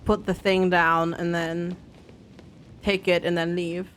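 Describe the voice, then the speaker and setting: A woman's voice: on the low side, little pitch movement, slow, a bit bright, a little hiss or hum. A young woman streaming a game, chatting and thinking aloud to her viewers. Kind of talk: casual game commentary.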